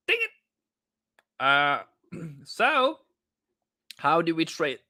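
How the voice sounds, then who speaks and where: A man hosting a live trading stream, commenting on market moves in a playful, jokey way and breaking into excited chanting. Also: a little high, drawn-out words, pauses often, dry recording, studio quality.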